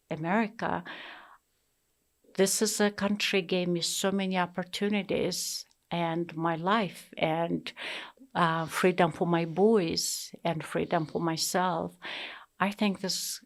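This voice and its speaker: Slow-speaking Russian-accented woman. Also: fairly low pitch, steady tone. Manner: earnest, emphatic, halting speech with fillers and restarts. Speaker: interviewee. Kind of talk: personal interview storytelling.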